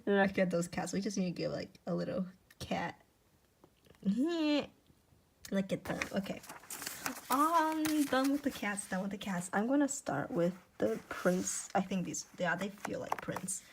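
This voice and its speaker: A woman chatting casually at home while unboxing gifts. She gushes excitedly, repeats "oh my gosh" and sometimes keeps her voice hushed. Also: medium pitch, unhurried, creaky, noisy background. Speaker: YouTuber. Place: at home indoors.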